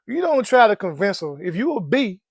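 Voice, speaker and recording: A playful man talks about money and life in a high, lively voice, laughing often and dropping folksy slang. The sound is close and dry. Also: no echo. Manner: folksy slang, calls listeners "man" and "dog". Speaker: personal finance vlogger. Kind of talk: casual motivational talk.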